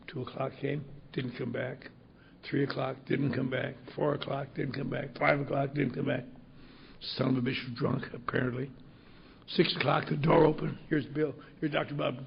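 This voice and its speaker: A man's voice: medium pitch, vocal fry, dull audio, a little hiss or hum. An older man speaking at a recovery convention, telling a story bluntly with salty humor. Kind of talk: storytelling talk. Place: convention hall.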